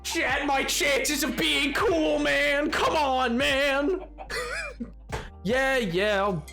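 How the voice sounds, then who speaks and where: A man streaming a game live and chatting with his viewers, hoarse from hours of talking, animated and self-mocking, breaking into laughter often. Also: very high voice, very slow, soft background music. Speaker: livestreamer. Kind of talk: casual gaming livestream chat.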